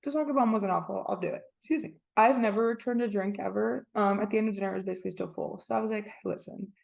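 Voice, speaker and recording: Fast-talking young woman with gravelly fry. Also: medium pitch, darkish tone. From Orlando area. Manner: chatty storytelling, acts out quotes. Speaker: podcast co-host. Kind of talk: casual chat.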